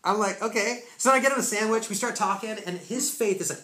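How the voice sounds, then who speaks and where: A man preaching a testimony sermon to a congregation, telling the story in casual, slangy speech with bursts of excitement. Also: high voice, fast talker, few pauses. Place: church room. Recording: echoey room, faint noise.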